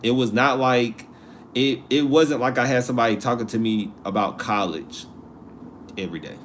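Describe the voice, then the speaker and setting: A man hosting a live stream in casual chat, reading viewer comments aloud and answering in an animated, slangy way that repeats itself. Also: mid-range voice, moderate pace, slight background noise. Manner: animated, repeats himself, slangy asides and laughs.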